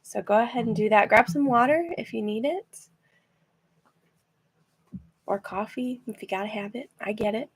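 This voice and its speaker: A woman leading a guided rest and relaxation practice from her chair, gentle and encouraging, laughing now and then and using fillers. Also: fairly high pitch, moderate pace, long pauses, breathy edge. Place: seated in a chair.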